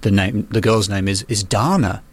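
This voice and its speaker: A man's voice: medium pitch, lively intonation, a little fast. A man chatting casually as a podcast guest, a children's author with dry, playful jokes and frequent restarts. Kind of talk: casual comedic chat.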